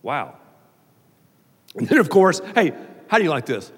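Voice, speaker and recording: A man from the American South preaching a sermon as pastor, animated and jokey, slipping into mock voices. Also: fairly high pitch, a little slow, long pauses, slight background noise. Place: large church auditorium. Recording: long reverb of a large hall.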